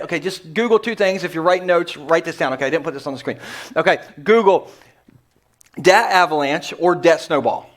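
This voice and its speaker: A male pastor preaching to a church congregation in a joking, energetic manner with quick asides. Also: on the high side. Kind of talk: humorous sermon. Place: church sanctuary before a congregation.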